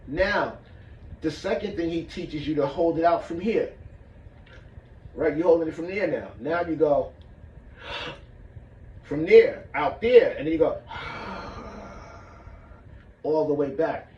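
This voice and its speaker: Here a man with a fairly high, darkish voice speaks a little slowly, leaving long pauses while he demonstrates martial arts breathing and casually asks his listeners "all right?" The audio has some hiss or hum and sounds muffled, recorded from a distance in an echoey room.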